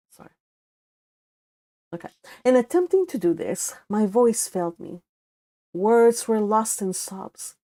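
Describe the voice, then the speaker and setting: A young woman with a Spanish accent reads a classic novel aloud at a calm, unhurried pace. Her voice sits in an ordinary middle register for a woman. She keeps a plain, even reading voice and pauses now and then to correct a slip. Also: mid-range voice. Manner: unhurried reading, breaking off for casual asides and corrections. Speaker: audiobook reader.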